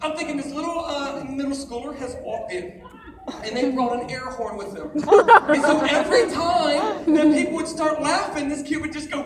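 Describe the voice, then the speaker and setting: A man telling a comic story to a live audience as a youth event speaker, loud and animated, acting out laughs and voices. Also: extremely high pitch, normal speed, background noise. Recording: echoey hall, distant mic, loud crowd.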